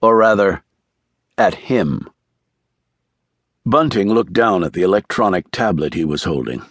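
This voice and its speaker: A low-voiced man narrates a scripted thriller audiobook with measured, even storytelling. The studio-quality recording has no echo.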